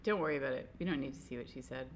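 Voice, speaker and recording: A woman's voice: extremely low pitch, rapid-fire, a little hiss or hum. A woman co-hosting a podcast, chatting casually with dry, teasing sarcasm. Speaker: podcast co-host.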